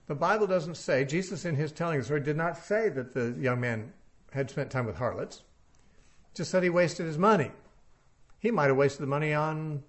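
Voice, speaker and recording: A man with a slightly higher-than-usual pitch gives a verse-by-verse Bible teaching. He reasons aloud in a conversational way. He keeps putting rhetorical questions to his listeners.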